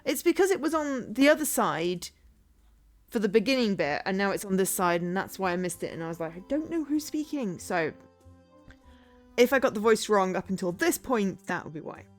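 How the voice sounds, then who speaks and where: A woman's voice: mid-range voice, expressive, moderate pace, faint music behind. A woman streamer giving casual gameplay commentary, chatty and rambling, often laughing. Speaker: game streamer.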